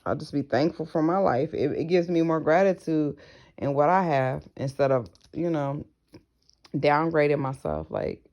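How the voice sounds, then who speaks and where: A woman speaks straight to her viewers in a loose, personal vlog. Her voice carries a lot of vocal fry and gravel. She is frank and profane and drops in slangy asides. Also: low-pitched, normal speed, a little mellow, highs cut off. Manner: acts out other people's voices in her stories. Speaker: vlogger. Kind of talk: casual personal vlog monologue.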